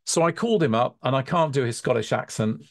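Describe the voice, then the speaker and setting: A man's voice: mid-range voice, lively intonation, fast talker, no room sound, clean studio sound. A man, a hypnotherapy college tutor, giving an earnest, reflective talk and thinking aloud with frequent restarts.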